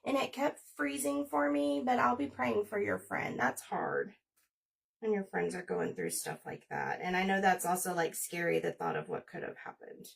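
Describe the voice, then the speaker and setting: Woman in her forties, husky gravelly voice, chatty rambling craft livestream host, a bit far from the mic. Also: mid-range voice, very animated, normal speed. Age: 40s. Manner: chatty, rambling, talks while working. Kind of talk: casual crafting livestream chat.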